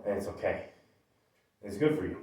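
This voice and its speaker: A man's voice: deep voice, lively intonation, moderate pace, a little mellow. A man lifting weights and talking casually about his workout, out of breath between sets. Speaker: gym vlogger. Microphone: camera from a distance. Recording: echoey room from far off, faint noise.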